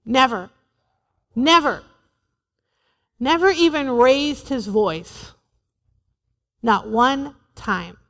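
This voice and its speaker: A woman's voice: high voice, very slow, pauses often, a bit bright, in a large hall. A woman in her forties preaching a sermon to a church, humorous and emphatic, repeating her points. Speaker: pastor's wife preaching.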